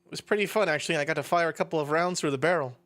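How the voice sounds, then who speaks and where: A man streaming a visual novel playthrough, excitable and jokey, talking to chat. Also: on the high side, racing. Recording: background music.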